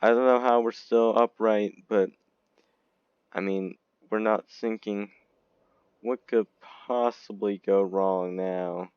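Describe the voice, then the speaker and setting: A man giving rambling, giggly casual commentary over a game video, breaking into sudden squeaky outbursts, on a dull lo-fi recording. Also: steady tone, slow pace, clear, resonant tone, no room sound. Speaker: gaming video creator.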